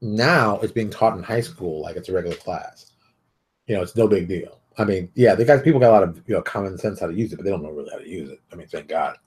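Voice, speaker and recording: Blunt ranting man, low voice. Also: fast talker, a little mellow. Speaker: show host. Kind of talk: casual advice monologue.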